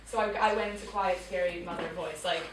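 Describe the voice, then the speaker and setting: A woman's voice: on the low side, a little fast, a little hiss or hum. Woman telling a story in an echoey hall. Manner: animated storyteller, acts out voices, drops to quiet tones. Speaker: teacher speaking to students. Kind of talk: storytelling talk to a school audience. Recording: echoey room picked up from far off.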